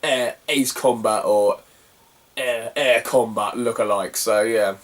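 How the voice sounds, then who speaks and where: Here a young retro gaming vlogger from Cornwall drifts through a casual, slangy tale, laughing frequently as he goes. His voice is fairly low and steady, the pace slow, and the mic sits some way off.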